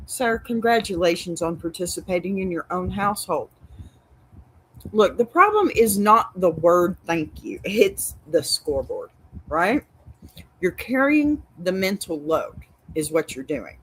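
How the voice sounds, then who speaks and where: A woman's voice: fairly low pitch, very animated, measured pace, slight background noise, poor audio. A Texan woman hosting an advice show, reading out a reader's story and then giving a blunt, sassy verdict. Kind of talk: reading and reacting to advice stories. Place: home with a dog.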